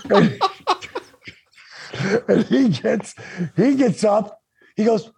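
A man with a deeply raspy, gravelly voice spins a lively story, jumping up in pitch when he quotes people. He sits fairly high for a man and sounds close and dry on the mic. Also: extremely slow, long pauses, no echo. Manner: animated, acts out quotes with big pitch jumps. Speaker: guest storyteller. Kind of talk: casual storytelling chat.

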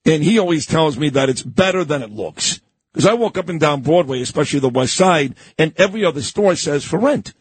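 A man's voice: a little high, expressive, fairly quick, slightly rough. A middle-aged man hosting a radio show in a studio, chatting casually and asking his guest leading questions. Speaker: radio host.

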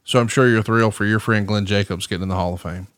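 A man's voice: lowish voice, fairly even intonation, fast talker, fairly bright tone, no echo. A man hosting a podcast in casual chat, upbeat and teasing as he steers the talk. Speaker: podcast host.

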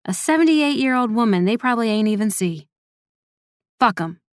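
A woman's voice: a little high, animated, normal speed, no room sound, clean studio sound, voice pushed up, lightly acted. A woman voicing an elderly female community elder who speaks bluntly and defiantly, tired of injustice.

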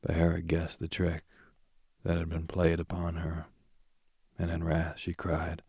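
Very deep, husky, slow sleep-story man. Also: monotone, darkish tone, no echo, studio quality. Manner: slow, soothing, drifting into whispers. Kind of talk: bedtime story reading.

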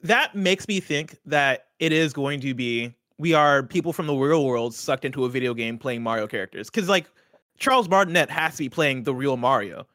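A man's voice: medium pitch, expressive, normal speed, bright, forceful tone, dry recording, clean studio sound. A man co-hosting a casual chat show, earnestly laying out a theory with many restarts. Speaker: show co-host.

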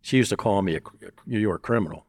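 A man's voice: lowish voice, quick pace, darkish tone, husky, dry recording, studio quality. An older man telling stories bluntly and with a lot of swearing, acting out what people said. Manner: blunt and profane, telling stories with quoted dialogue. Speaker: interview guest. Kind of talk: casual storytelling.

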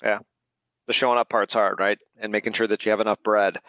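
A man's voice: on the low side, level tone, fast talker, fairly bright tone, no room sound, muffled recording. A man chatting as a podcast guest, telling rambling stories and laughing as he talks. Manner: rambling storyteller, laughs mid-sentence. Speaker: podcast guest, pipe band manager. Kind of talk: casual chat.

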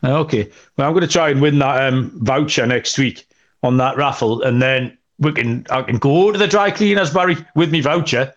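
A man's voice: mid-range voice, moderate pace, muffled recording. A young adult man co-hosting a betting podcast, telling rambling jokey stories in casual chat with lots of fillers. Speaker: podcast co-host.

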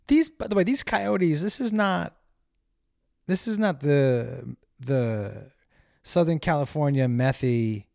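A man hosting his own show, telling a rambling, animated story with plenty of swearing and acted-out voices. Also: mid-range voice, creaky, dry recording, studio quality. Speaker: comedian podcast host. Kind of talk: casual rambling monologue.

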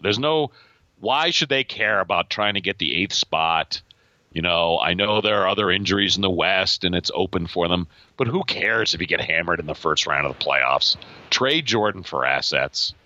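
A man's voice: low-pitched, expressive, moderate pace, pushed and bright, dry recording. A man co-hosting a fantasy basketball podcast, opinionated and sarcastic, on a dull lo-fi mic. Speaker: podcast co-host. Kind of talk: casual fantasy sports chat.

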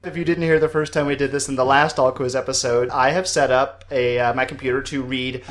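A man's voice: mid-range voice, fairly even intonation, a little fast. A man hosting a casual podcast quiz segment, laughing often and explaining the rules loosely. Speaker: quiz show host running a segment.

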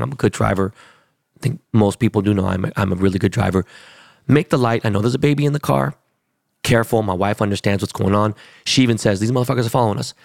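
A man, telling a profane, animated story in a casual way. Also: medium pitch, creaky, dry recording, studio quality.

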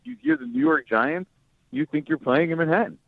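A man, a sports reporter, calling in as a guest and explaining things in a relaxed, rambling way. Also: a little high, a little fast, vocal fry, no room sound. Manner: relaxed, explains at length with fillers. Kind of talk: casual radio interview. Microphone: phone line. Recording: tinny phone line.

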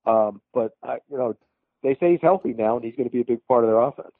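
A man's voice: mid-range voice, fast, no echo. A man calling in as a football reporter, giving sports analysis in a matter-of-fact, confident way. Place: at a team practice facility. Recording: tinny phone line.

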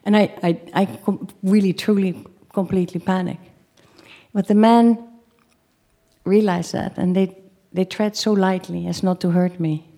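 A woman telling a true first-person story to a live audience, halting at times, repeating and restarting phrases, and acting out her own pleas. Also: mid-range voice, steady tone, warm tone.

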